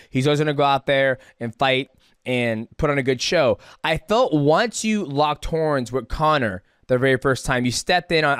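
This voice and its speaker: A man's voice: medium pitch, a bit bright, clean tone, dry recording, studio quality. A man hosting a podcast, recapping a guest's career in a chatty way before asking his question. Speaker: podcast host. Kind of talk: casual interview chat.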